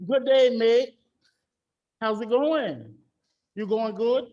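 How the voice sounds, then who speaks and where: A man voicing a cheerful, overly polite British gentleman to throw off a bill collector. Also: very high voice, takes it slowly, highs cut off, voice pushed up. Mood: chirpy.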